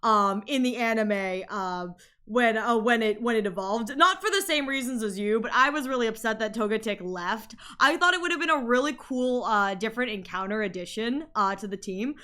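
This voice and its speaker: A woman's voice: a little high, expressive, moderate pace, pushed and bright. A woman streamer chatting casually with viewers, rambling with many restarts and frequent laughs.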